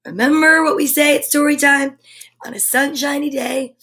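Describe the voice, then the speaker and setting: A woman reading a children's picture book aloud on a livestream, gentle and enthusiastic, often dropping to a whisper. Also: high voice, fairly even intonation, moderate pace. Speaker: storyteller.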